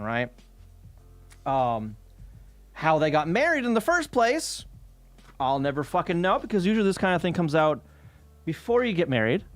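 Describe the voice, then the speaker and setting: Animated, profane man ranting casually. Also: on the high side. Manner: profane, ranting, exasperated storytelling. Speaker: streamer. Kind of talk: casual chat with chat while working.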